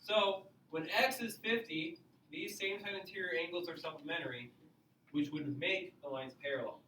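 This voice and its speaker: A man's voice: on the high side, normal speed, bright, forceful tone. Male teacher explaining in an echoey classroom. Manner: explains patiently, repeats key points with "okay?". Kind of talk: classroom geometry lesson. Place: classroom with students. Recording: echoey classroom, mic far off, faint noise.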